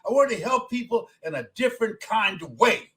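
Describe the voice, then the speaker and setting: An older man in his seventies delivers a motivational speech in a strikingly high voice. He hammers his points with repeated phrases, dropping low and soft, then climbing to emphatic shouts. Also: animated, fairly quick, low-quality recording. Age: 70s. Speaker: motivational speaker.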